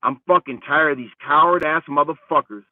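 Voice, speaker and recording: A man's voice: fairly high pitch, a little fast, no echo, far from the mic. Profane ranting man on a tinny line. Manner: profane, heated, rambling, swings between loud and muttered. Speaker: channel host. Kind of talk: casual storytelling rant. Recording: dry phone-like lo-fi audio from off-mic.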